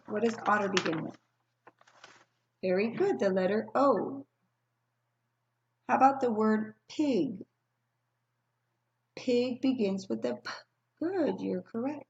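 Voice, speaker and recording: A woman teaching a recorded phonics lesson to young children, speaking patiently and slowly, spelling out sounds and pausing for answers. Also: medium pitch, vocal fry, darkish tone, dull audio. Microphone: screen-recording computer mic.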